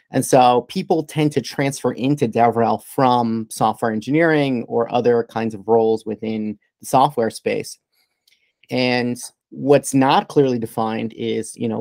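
A man speaking as a panelist, talking briskly and citing survey figures. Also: medium pitch, gravelly, darkish tone, no echo. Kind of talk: online panel discussion.

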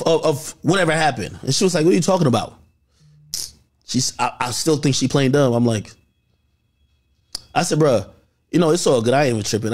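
A man telling a personal story in casual chat, animated and full of slang, acting out what others said. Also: fairly high pitch. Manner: animated, acts out quotes with slang.

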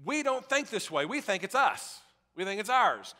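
A male pastor preaches emphatically, repeating key lines and calling on the congregation to say them back. His voice is high, bright and forceful. The sound carries a long echo from a large church hall. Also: big pitch swings, moderate pace. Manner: emphatic, repetitive, calls the congregation to repeat after him. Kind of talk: sermon.

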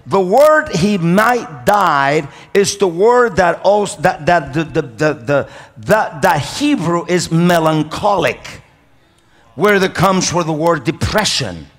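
A male pastor preaching with a high voice that swings all over. He stresses key lines, repeats them and calls for amens. His voice rings out with the long reverb of a big church hall. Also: sing-song, unhurried. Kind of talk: sermon.

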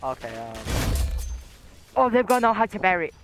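A young man talks through a game with a slightly high voice, rambling with plenty of fillers and trash talk, breaking into sudden yelps. His home mic picks up clear background noise. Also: big pitch swings, normal speed. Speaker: gamer. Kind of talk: casual gameplay commentary.

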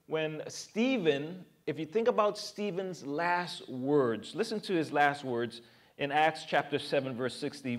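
A male pastor giving a verse-by-verse sermon in an earnest, emphatic way, full of rhetorical questions to his congregation. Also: on the high side.

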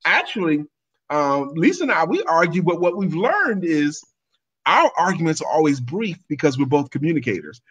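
A man's voice: a little high, big pitch swings, moderate pace, a bit bright, breathy edge, muffled recording. A man co-hosting a podcast, talking conversationally and telling stories from his own life. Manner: conversational, storytelling. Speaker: co-host. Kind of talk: podcast talk.

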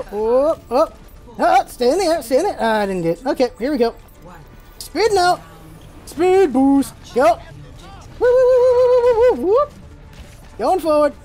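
Gameplay commentary, high-pitched voice, excitable, rapid team callouts, faint music behind. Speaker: gaming channel host.

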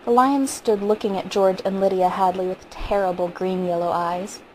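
A woman reading a short story aloud in a steady, vivid narrating manner. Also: medium pitch, moderate pace, a little hiss or hum, rough recording. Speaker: audiobook reader.

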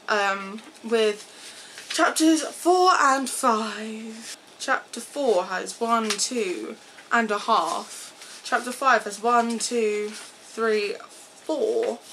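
Slow, halting woman vlogger. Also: medium pitch, a bit bright, a little hiss or hum, rough recording. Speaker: book reader and vlogger. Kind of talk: casual sign-off to camera.

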